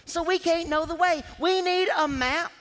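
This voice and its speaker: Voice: very high-pitched, fairly bright tone, pitched above the performer's own voice. A preacher voicing an anxious male disciple who fires off worried questions about the journey ahead. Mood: fretful. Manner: fretful, rapid questions. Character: anxious male disciple fretting over travel plans. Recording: long hall reverb.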